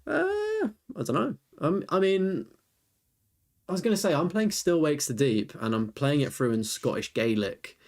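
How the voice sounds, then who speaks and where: A man's voice: fairly high pitch, animated, moderate pace, darkish tone. A young man chatting casually on a live stream, rambling as he reviews viewers' lists and answers chat.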